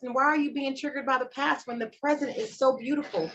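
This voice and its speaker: A woman in her forties, a life coach, talking about her life as a podcast guest, animated and emphatic. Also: high voice, fast talker, few pauses, slight background noise. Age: 40s. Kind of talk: casual interview chat. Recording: slightly dull lo-fi sound.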